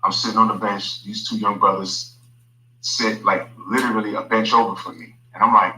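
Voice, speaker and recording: A man tells a personal story casually and with animation, often turning aside to speak to his listeners. His voice sits low but sounds very forceful and sharp. It is a clip played back, with a roomy echo around it. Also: fairly even intonation, moderate pace. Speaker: guest telling a story. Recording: echoey room, played from a video.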